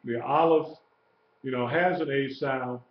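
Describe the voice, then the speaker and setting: A man teaching a live-streamed lesson, explaining slowly and repeating key points. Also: mid-range voice, slight background noise. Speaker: Hebrew teacher. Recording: echoey room, dull lo-fi sound.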